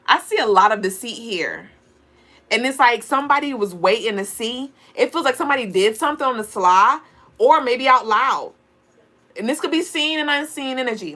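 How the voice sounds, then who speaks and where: A woman's voice: medium pitch, a bit bright. Chatty woman giving a live tarot reading. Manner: chatty and playful, laughing often, talks to chat viewers. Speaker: livestream tarot reader and astrology host.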